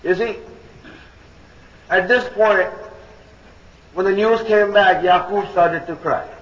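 High, bright male preacher; emphatic, repetitive sermon delivery in an echoing hall. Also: slow. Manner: emphatic, repeats key phrases; addresses listeners as brothers and sisters. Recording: echoey hall, dull lo-fi sound.

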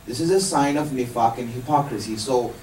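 Speaking a little fast in a medium-pitched, darkish voice, a religious teacher explains his lesson patiently to a live group and quizzes them. A little hiss or hum is present, and the distant mic catches an echoey room.

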